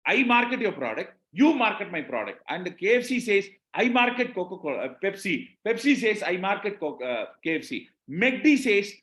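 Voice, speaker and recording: Indian-accented man coaching, high voice. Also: very animated, normal speed, hardly any pauses, a bit bright, reverberant. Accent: Indian English. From Tamil Nadu, India. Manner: repetitive, checks in with the audience. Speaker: business trainer. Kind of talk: live webinar talk.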